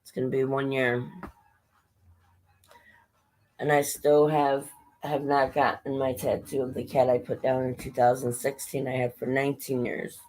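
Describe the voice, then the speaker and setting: A woman's voice: very deep voice, flat delivery, a little slow, pauses often, darkish tone, slight background noise, poor audio. A woman chatting casually on a livestream, rambling and swearing a little as she greets viewers by name, her voice strained and short of breath.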